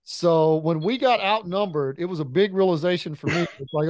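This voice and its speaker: A man in his thirties, a podcast co-host telling rambling, animated stories about his kids in casual chat. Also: a little high, moderate pace, a little hiss or hum.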